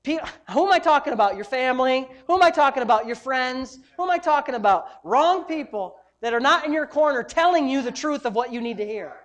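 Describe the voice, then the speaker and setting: A woman pastor delivers a sermon with a somewhat high voice. She preaches emphatically, pressing her points home with rhetorical questions to the congregation. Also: lively intonation, brisk, hardly any pauses.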